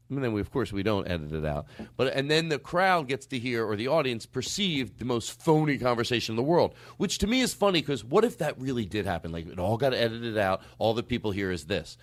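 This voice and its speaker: A man's voice: mid-range voice, no room sound. A middle-aged man hosting a comedy podcast with guests, joking loosely, swearing, and running mock-serious bits. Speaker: podcast host.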